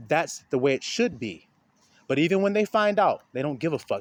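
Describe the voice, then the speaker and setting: A man preaching an informal, profane street sermon, swinging between loud outbursts and low asides and acting out the voices of the people he quotes. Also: very animated, normal speed. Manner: profane, colloquial.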